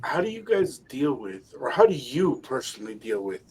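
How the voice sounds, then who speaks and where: A man hosting a radio interview, asking his questions haltingly and restarting them. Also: mid-range voice, very animated, a little hiss or hum, rough recording. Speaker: radio show host.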